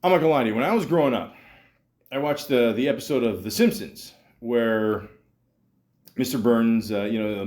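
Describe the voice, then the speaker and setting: A man hosting a podcast, reviewing movies in a rambling, excitable monologue, swearing freely and restarting his sentences often. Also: medium pitch. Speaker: podcast host.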